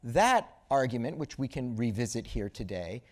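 A man hosting an onstage interview, his pitch rising and falling with a lot of life. He puts probing, teasing questions to his guest. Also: big pitch swings, moderate pace, darkish tone. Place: auditorium stage before an audience.

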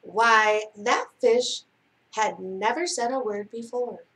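A woman reads a children's picture book aloud for library storytime, in a fairly high voice. She takes it slowly and expressively, dropping softer at the suspenseful parts. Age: adult.

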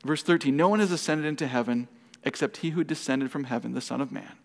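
Man teaching scripture, gravelly, in a hall. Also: mid-range voice, fast talker. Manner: reads scripture aloud, then explains it with questions. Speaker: pastor. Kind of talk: Bible study teaching. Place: church hall. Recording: hall reverb.

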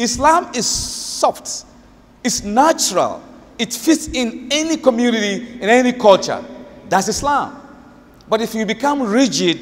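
A male preacher giving an emphatic sermon, repeating key phrases and reciting verses rapidly. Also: sits high. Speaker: Islamic preacher. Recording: echoey hall.

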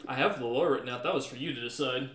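A man's voice: medium pitch, racing, fairly bright tone, roomy sound, slight background noise. A man narrating a tabletop game as game master, loosely, with many ums and fillers.

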